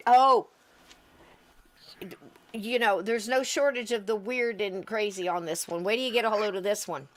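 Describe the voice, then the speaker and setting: A woman's voice: medium pitch, unhurried, a little hiss or hum. A woman co-hosting a podcast, chatting casually and animatedly about paranormal video clips, often laughing. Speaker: podcast co-host.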